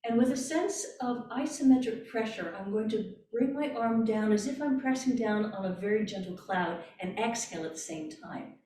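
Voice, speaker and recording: A woman voice coach with a Canadian accent, calmly guiding breathing exercises step by step and demonstrating the breaths. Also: fairly high pitch, normal speed, hardly any pauses, distant mic. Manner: calm, gentle, step-by-step guidance with demonstrated breaths. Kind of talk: guided breathing workshop instruction. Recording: roomy echo, voice from off mic.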